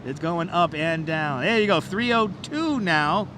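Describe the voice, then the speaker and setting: A man's voice: a little high, lively intonation, unhurried, background noise. A man hosting a live walking tour, cheering viewers on like an auctioneer in a playful, repetitive patter. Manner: auctioneer-style hyping of like counts. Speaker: livestream host. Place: outdoors on a city bridge. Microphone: wireless clip-on mic.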